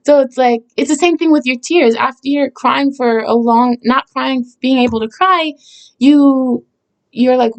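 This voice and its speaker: A woman's voice: high voice, takes it slowly, long pauses. A woman songwriter talking casually about the meaning of her song lyrics, rambling with many fillers and restarts. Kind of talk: casual explanatory talk.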